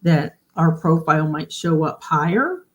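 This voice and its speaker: A woman's voice: low-pitched, lively intonation, measured pace. A woman hosting a casual livestream. She explains things in a chatty way and often asks her viewers questions. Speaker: host of a genealogy livestream.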